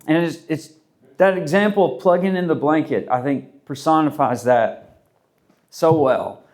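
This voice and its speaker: Male pastor, slightly higher voice, chatty sermon delivery full of repeated questions. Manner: conversational, rambling with restarts and rhetorical questions.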